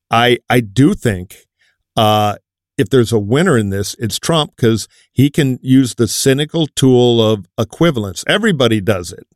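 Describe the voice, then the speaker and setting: A man's voice: mid-range voice, no echo, clean studio sound. Wry opinionated man hosting. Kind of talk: panel discussion.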